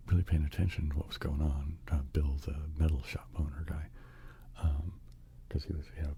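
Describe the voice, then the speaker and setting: A man's voice: very deep voice, vocal fry, dark tone, a little hiss or hum. A man telling a whispered ASMR bedtime story, rambling along with many fillers and restarts.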